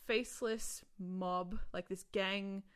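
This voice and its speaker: A woman's voice: medium pitch, fairly even intonation, slow pace, smooth. A woman in casual podcast chat about a film, rambling with many restarts and asides.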